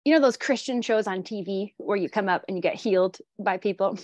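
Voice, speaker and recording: A woman's voice: mid-range voice, a little fast, a little mellow, no room sound. A woman photography mentor chatting casually, spinning a playful, imaginative story. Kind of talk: casual panel chat.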